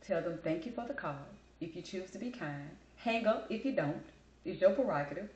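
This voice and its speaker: A woman's voice: on the low side, expressive, moderate pace, a little mellow, roomy sound, poor audio. A woman hosting a casual chat show, telling a story in a blunt, emphatic, talkative way. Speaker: host.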